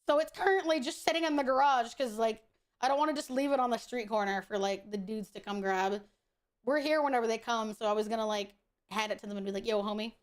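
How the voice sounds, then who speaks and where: High-voiced, blunt woman streamer. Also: fast. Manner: blunt, profane and opinionated. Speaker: VTuber streamer. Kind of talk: casual chat while gaming.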